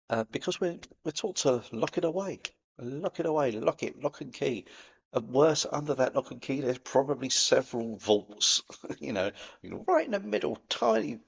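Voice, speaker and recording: A man with a Cockney accent giving an earnest, gently encouraging spiritual talk to camera, in a matey way. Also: mid-range voice, vocal fry, husky, muffled recording. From London, England. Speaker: spiritual video host.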